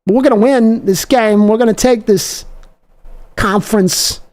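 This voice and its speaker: Guy doing a dramatic celebrity voice, slow weird pauses, hyping up the fans. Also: high-pitched, a little mellow, voice pushed up. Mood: rallying. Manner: slow drawn-out theatrical delivery with odd pauses.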